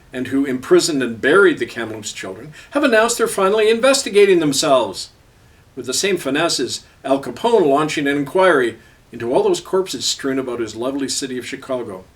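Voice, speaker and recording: A man's voice: medium pitch, expressive, fairly quick, distant mic. A middle-aged man reading his own column aloud with a sardonic, biting delivery.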